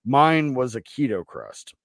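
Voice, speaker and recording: A man's voice: medium pitch, huge pitch swings, measured pace, vocal fry, dry recording. A man co-hosting a podcast, telling about his day in a laid-back way. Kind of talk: casual podcast chat.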